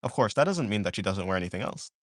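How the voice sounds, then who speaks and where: A man's voice: on the low side, big pitch swings, fast talker, fairly bright tone, no echo, studio quality. A young man chatting casually on a live art stream while he draws, rambling and drowsy, often trailing off into mumbles.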